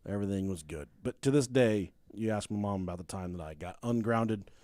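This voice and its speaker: A man co-hosting a podcast, telling a story in a casual, animated way, laughing and swearing freely. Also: lowish voice, fairly quick, no room sound. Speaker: podcast co-host.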